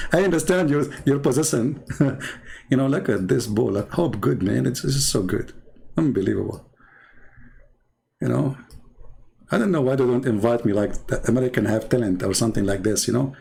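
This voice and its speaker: Gravelly, husky man mocking while drawing. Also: mid-range voice, animated, dark tone. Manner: sarcastic, halting, many fillers and restarts. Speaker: commentator.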